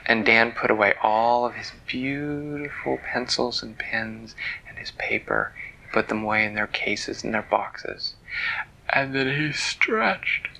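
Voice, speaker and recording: Male bedtime storyteller, playful and hushed, gravelly edge. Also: fairly low pitch, fairly even intonation, a little slow, a little hiss or hum, rough recording. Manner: gentle and playful, drops to hushed whispers.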